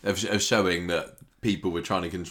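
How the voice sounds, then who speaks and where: Male co-host, very low voice, relaxed chat. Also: a little fast. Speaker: podcast co-host. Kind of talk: casual chat recapping a soap.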